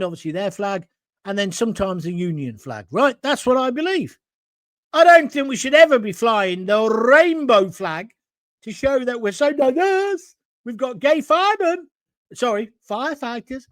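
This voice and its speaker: Alone at home, a middle-aged Englishman hosts a live-stream show, reading viewer comments and ranting bluntly with a combative edge and jokey asides. His voice sits high, and the studio-quality sound has no echo.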